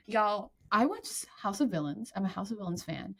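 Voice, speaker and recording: Casting note: woman podcast co-host, chatty and animated, mid-pitched voice, casual talk. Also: fairly quick, hardly any pauses. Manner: chatty, animated, quoting people in reenacted asides. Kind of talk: casual chat.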